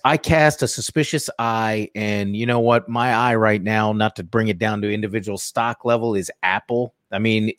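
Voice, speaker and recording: A man co-hosting a casual trading show, talking through charts in a lively, joking way. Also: fairly low pitch, no room sound, clean studio sound. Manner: lively, jokey, vivid chart talk. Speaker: co-host. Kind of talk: casual market commentary.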